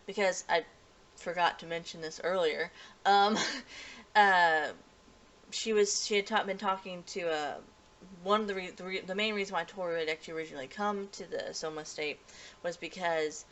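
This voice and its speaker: Rambling low-voiced woman anime reviewer. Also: fairly even intonation, moderate pace, a bit bright. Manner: rambling, restarts often, many fillers. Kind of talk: casual episode recap.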